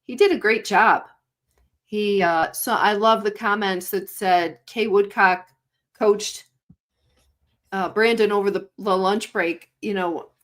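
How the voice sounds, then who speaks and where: Female co-host, casual livestream chat, exclamatory and laughing. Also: mid-range voice. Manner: chatty, laughs often, exclaims "oh my goodness".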